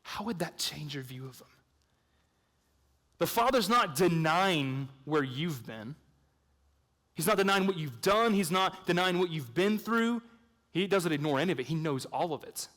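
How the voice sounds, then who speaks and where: Man preaching, higher voice, hushed then emphatic, long hall reverb. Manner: swings between hushed intensity and loud emphatic points; conversational storytelling with fillers. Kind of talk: evangelistic sermon.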